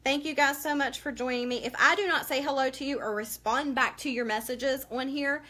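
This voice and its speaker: A woman's voice: high-pitched, fairly even intonation, brisk, sharp tone. A woman hosting a casual live-stream makeup tutorial, chatty and emotional as she greets viewers by name.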